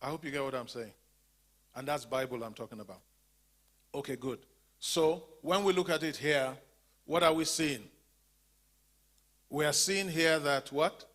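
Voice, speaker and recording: A man teaches a church class, pitching questions and pausing for the group to finish his sentences. His voice sits a little higher than most men's, and he repeats key words with emphasis. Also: fairly bright tone. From Zambia. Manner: call-and-response questioning, leaves sentences open for the class to finish. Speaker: teacher of a faith-based women's class.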